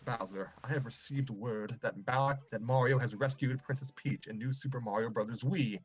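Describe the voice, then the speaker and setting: A man's voice: mid-range voice, normal speed, slightly rough, soft background music, close to an everyday voice, rough recording. A man voicing a fussy male magic Koopa wizard in a put-on British butler voice, formal and pompous.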